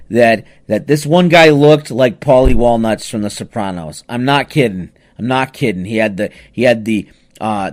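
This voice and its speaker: Man, podcast host, casual storytelling, animated, restarts, "you know" asides, mid pitch.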